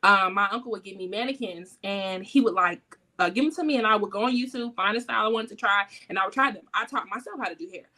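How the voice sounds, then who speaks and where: A woman in her twenties, a business owner and interview guest, who talks in a relaxed, reflective way with frequent fillers. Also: medium pitch, fast talker. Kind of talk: casual interview.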